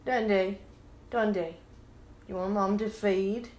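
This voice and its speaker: Slow-speaking woman cooing to her cat. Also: medium pitch, fairly even intonation. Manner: cooing pet talk; soft and tender. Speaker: vlogger talking to her cat. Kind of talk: casual home video.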